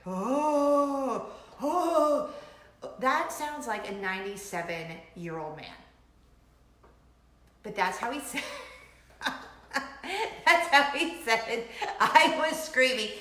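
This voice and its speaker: Bright, lively woman chatting to camera. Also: on the high side, takes it slowly, long pauses. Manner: animated, giggly storyteller. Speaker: host of a weekly chat show. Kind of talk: casual chat to camera. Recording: echoey room.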